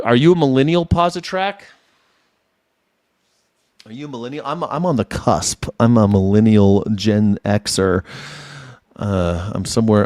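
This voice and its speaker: A man's voice: on the low side, warm tone, no room sound, studio quality. A man in his forties hosting a casual livestream, rambling commentary that trails off, repeats words and laughs often. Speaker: independent news and culture commentator.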